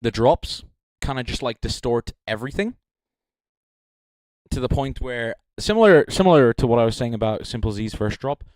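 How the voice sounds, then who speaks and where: With lively intonation and a slightly mellow mid-range voice at normal speed, a young man rambles through casual livestream judging commentary. He jokes between thoughts, uses lots of filler, and speaks into a handheld mic, with no echo.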